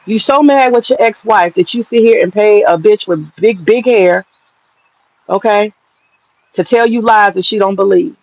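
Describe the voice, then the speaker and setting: A man's voice: high-pitched, normal speed, darkish tone, no echo, highs cut off. A man hosting an online commentary monologue, talking in a blunt, profane and mocking way.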